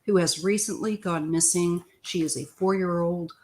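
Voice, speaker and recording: An older woman from Missouri, a tarot reader chatting loosely through a live-stream reading, clearing her throat often. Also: lowish voice, steady tone, moderate pace, dark tone.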